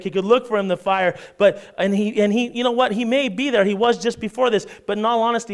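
A male pastor with a fairly high voice delivers a sermon in a conversational way. He keeps asking his listeners to agree, then drops his voice to a hush before rising again. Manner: dramatic swings from loud emphasis to hushed near-whisper; conversational, asks the congregation "right?".

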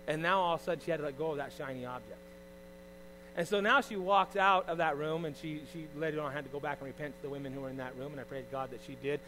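A middle-aged pastor preaching, swinging from loud emphasis to quiet, confiding asides. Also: male voice, a little high, background noise. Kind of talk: sermon.

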